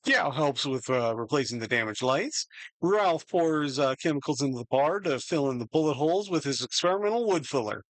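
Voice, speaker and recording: Lively guy running a tabletop game, bright voice, dry close mic. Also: medium pitch, moderate pace, dry recording. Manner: animated, jumps between narration and playful put-on voices. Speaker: game master. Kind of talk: narrating a tabletop role-playing game.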